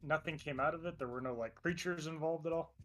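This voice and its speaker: A man's voice: a little high, fast, fairly bright tone, faint music behind, voice pushed up, lightly acted. A man plays a polite young male scavenger in a tabletop game. He stammers and restarts his sentences in a hesitant way.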